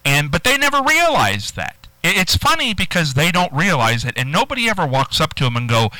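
A man's voice: fairly high pitch, wildly swooping pitch, fairly quick, few pauses, sharp tone, dry recording, rough recording. A man hosting a call-in radio show, chatting in a rambling, emphatic way. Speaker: radio host.

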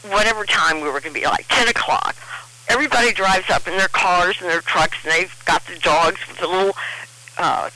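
A woman's voice: mid-range voice, bright, forceful tone, poor audio. A middle-aged woman telling a personal story in a rambling, emotional way, often restarting her sentences.

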